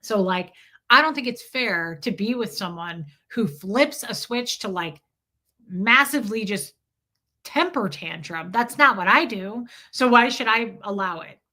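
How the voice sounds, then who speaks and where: A woman's voice: mid-range voice, expressive, unhurried, sharp tone. A woman hosting a casual livestream, talking candidly and emphatically while answering viewer chat, swearing freely and often repeating herself.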